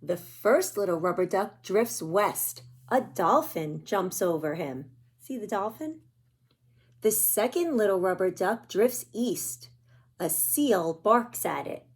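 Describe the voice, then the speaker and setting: Woman, children's storyteller, slow and gentle reading, middle pitch, picture-book voice. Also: lively intonation, breathy edge.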